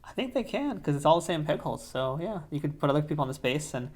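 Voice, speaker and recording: A man's voice: on the high side, very animated, fast talker. A man co-hosting a casual toy review, explaining features in an easygoing, plain way. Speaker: co-host of a toy review show.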